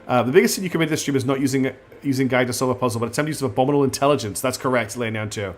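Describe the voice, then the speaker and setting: With hardly any pauses, a man with a mid-range voice races through his game-streaming commentary against slight background noise. He's chatty and casual, reading the game's text aloud amid many ums, restarts and apologetic asides.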